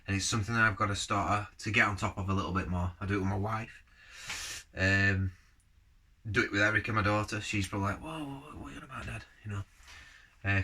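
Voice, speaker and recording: A man's voice: lowish voice, pushed and bright, a little hiss or hum. A man casually reviewing a beer on camera, rambling from one thought to the next and giving blunt verdicts. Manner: rambling, jumps between topics.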